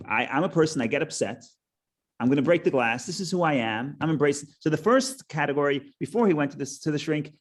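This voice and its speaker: A middle-aged man teaching a Torah class in a casual, conversational way, restarting phrases and telling a joke. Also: fairly high pitch. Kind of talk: casual lecture with stories and a joke.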